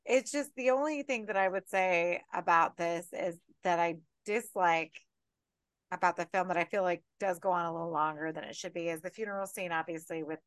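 A woman co-hosting a horror podcast in casual chat. She talks with animated energy and swears freely through her rants. The recording is dry and close. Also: on the low side, brisk, no room sound. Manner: animated, profane, ranting. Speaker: podcast co-host.

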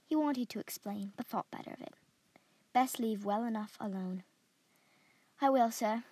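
A woman reading a story aloud in a steady, descriptive way as a podcast host. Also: medium pitch, normal speed, slightly rough, no echo. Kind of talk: scripted story narration.

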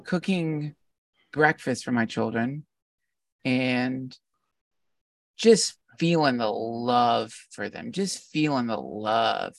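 A man's voice: medium pitch, slow pace, creaky, long pauses, no room sound, clean studio sound, distant mic. A middle-aged man, a podcast guest, talking casually in a reflective, meandering storytelling way. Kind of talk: casual conversation.

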